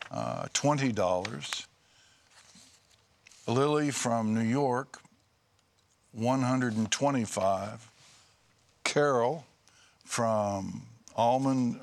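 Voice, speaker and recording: Slow, measured male telethon co-host. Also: medium pitch, creaky. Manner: slow, measured reading with small hesitations. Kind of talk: reading donor names on air.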